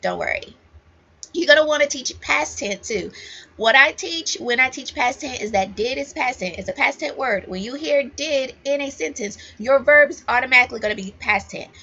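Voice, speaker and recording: A woman's voice: high voice, moderate pace, bright, forceful tone, breathy edge. A woman ESL teacher giving casual, emphatic advice to new teachers, repeating key points straight to the viewer. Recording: dull lo-fi audio.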